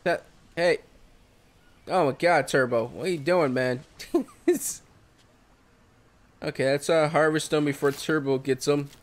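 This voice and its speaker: Dude narrating his survival game, slow and easy, goes oh hell no at stuff. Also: on the high side, fairly even intonation. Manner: casual, exclaims at surprises. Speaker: gameplay commentator. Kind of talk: solo gameplay commentary.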